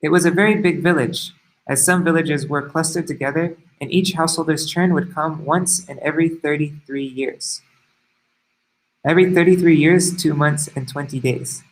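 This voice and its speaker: A man reading a devotional story aloud, in a measured storytelling manner with brief asides. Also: fairly high pitch, steady tone, poor audio. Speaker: reader of devotional stories.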